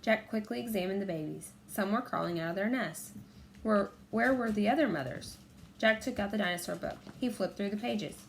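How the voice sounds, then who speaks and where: Woman storybook narrator, middle pitch, clear and measured. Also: slight background noise. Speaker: audiobook reader. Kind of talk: children's audiobook narration.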